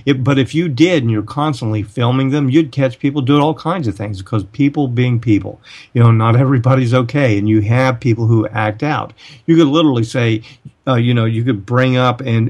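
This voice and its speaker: A man's voice: mid-range voice, darkish tone. A middle-aged man hosting a talk radio show, rambling in casual conversation, stumbling over repeated words and acting out quoted dialogue. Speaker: radio host.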